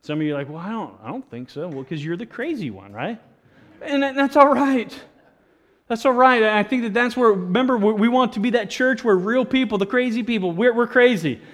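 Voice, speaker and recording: A man preaching a sermon as pastor, animated, often restarting words and adding jokey asides to the congregation. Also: very high voice, brisk.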